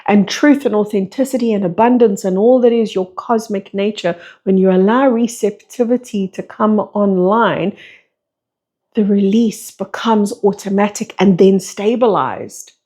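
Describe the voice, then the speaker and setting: A medium-pitched woman with a dark tone speaks as a spiritual teacher and breathwork facilitator. She delivers a flowing monologue that keeps circling back to rhetorical questions.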